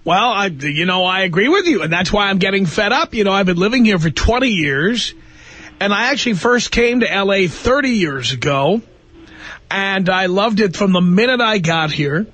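A man's voice: high-pitched, animated, moderate pace, fairly bright tone, no echo. A man in his fifties hosting a call-in radio talk show, opinionated and wry. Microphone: studio microphone.

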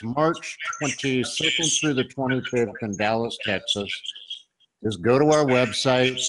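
Guy hosting a talk show, excited, keeps stumbling, noise behind him. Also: mid-range voice. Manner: enthusiastic, stumbling on words. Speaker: host.

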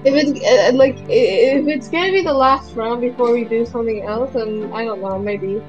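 A woman with a high voice chats casually through an online game session, teasing her friend and breaking into giggles. Soft game music plays in the background. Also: normal speed, highs cut off. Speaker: gamer co-host. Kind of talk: casual gaming chat.

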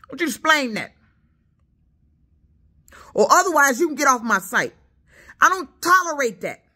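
A woman's voice: high voice, very animated, normal speed, sharp tone. Indignant Detroit woman with a Southern lilt. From Detroit, USA. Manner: indignant, stammering, repeats herself. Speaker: YouTuber. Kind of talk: angry rant at commenters. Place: apartment, sitting on the couch.

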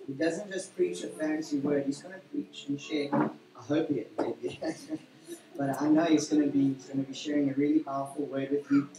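Pastor in a roomy church hall. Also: male voice, on the high side, fairly even intonation, moderate pace, noisy background. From South Africa. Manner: warm, rambling, with frequent fillers and self-corrections. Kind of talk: leading a church service. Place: church hall during a service. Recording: roomy church hall from a distance, faint music.

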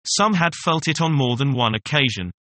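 Bright-voiced man reading a storybook. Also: medium pitch, expressive, moderate pace. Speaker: story reader.

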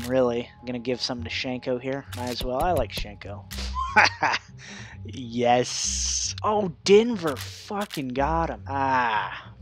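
A man giving casual, profane commentary over a football video game, ranting and laughing as he goes. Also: mid-range voice. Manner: ranting, swearing, laughing, mock voices. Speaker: gaming YouTuber.

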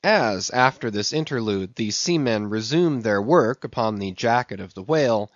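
A man narrating an audiobook in a measured, steady reading voice. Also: mid-range voice, dry recording. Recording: dull, dry recording.

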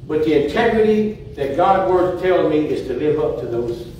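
A man giving an earnest devotional talk to a church congregation, halting now and then to restart his sentences. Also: a little high, expressive, a little mellow, dull audio, slight background noise. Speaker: church speaker. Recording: echoey church room, mic far off.

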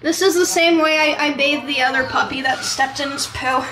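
A woman vlogging her day at home in casual chat, cooing at and scolding puppies in a playful, excitable way. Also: sits high, normal speed, very noisy.

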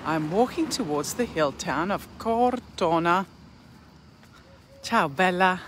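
A woman's voice: fairly low pitch, expressive, slow, a little hiss or hum. A woman from Australia with an Australian accent, a tour operator giving a live walking tour outdoors, chatting and greeting viewers by name as she walks with a handheld phone. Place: outdoors in a hill town square.

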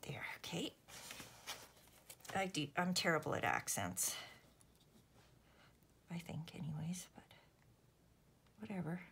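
A woman's voice: low voice, very animated, takes it slowly, pauses often, a bit bright, slight background noise. A woman from Canada, chatting casually and self-deprecatingly to viewers while making cards, sometimes murmuring to herself. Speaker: host. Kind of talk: casual crafting vlog chat.

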